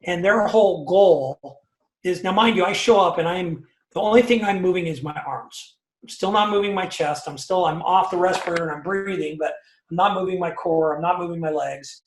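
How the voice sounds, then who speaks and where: A man's voice: high-pitched, normal speed, a little hiss or hum. Emphatic man in his fifties, echoey room. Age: 50s. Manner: talkative, emphatic, many fillers and tag questions. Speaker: interview guest. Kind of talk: personal story in a casual interview.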